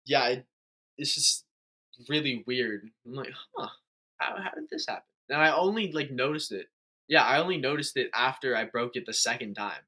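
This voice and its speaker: A man's voice: mid-range voice, expressive, moderate pace, sharp tone. A young man chatting casually as a podcast host, telling a long story with many fillers and restarts. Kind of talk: casual chat.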